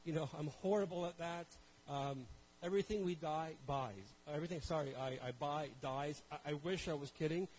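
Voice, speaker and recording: A man from Canada preaches to a congregation, speaking in a fairly high voice. He tells a personal story in a loose, conversational way, turns to the crowd with questions and makes fun of himself. A faint hum sits under the recording. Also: fairly quick, hardly any pauses, darkish tone, rough recording. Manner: conversational, self-deprecating, addresses audience directly.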